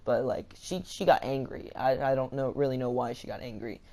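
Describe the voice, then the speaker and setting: A man's voice: medium pitch, steady tone, fairly quick, darkish tone. Casual storytime vlogger, young male, stammers and restarts, rambling delivery. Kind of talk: storytime vlog.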